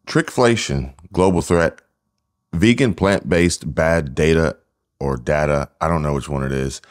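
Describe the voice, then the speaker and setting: A very deep-voiced man co-hosts a loose, casual podcast. He rambles, jokes and fills pauses with ums and uhs. There is no studio microphone, so it sounds homemade. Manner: rambling, jokey, many fillers. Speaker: podcast co-host.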